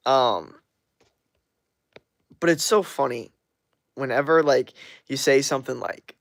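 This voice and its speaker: A man's voice: mid-range voice, takes it slowly, gravelly, long pauses, fairly bright tone, no echo, studio quality. A man streaming live and reading out his chat, blunt and profane, laughing often. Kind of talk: casual livestream chat.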